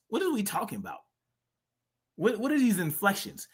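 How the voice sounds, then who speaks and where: A man's voice: sits high, wildly swooping pitch, normal speed, fairly bright tone, husky. A man hosting a live stream, reacting to clips with blunt, profane, mocking commentary. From family from Mississippi. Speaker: streamer host.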